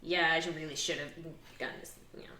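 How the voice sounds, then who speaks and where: A woman playing a tabletop game, thinking her moves through aloud in an animated way. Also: deep voice, quick pace, roomy sound, far from the mic. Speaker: player. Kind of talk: casual tabletop game play.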